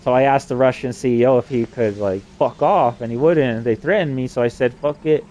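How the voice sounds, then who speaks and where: A man's voice: medium pitch, fairly quick, warm tone. Profane, rambling man from New Mexico. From New Mexico, USA. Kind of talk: rambling monologue.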